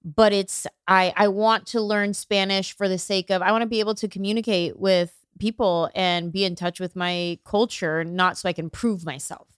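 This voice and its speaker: Clear-voiced woman comedian guest. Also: mid-range voice, normal speed, hardly any pauses, no echo, studio quality. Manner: candid, animated storytelling. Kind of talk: casual interview chat.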